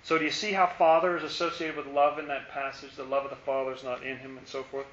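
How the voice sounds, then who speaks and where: A man's voice: medium pitch, little pitch movement, fast talker, fairly bright tone. A man leading an informal Bible study, thinking aloud and asking rhetorical questions. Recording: roomy, dull lo-fi recording.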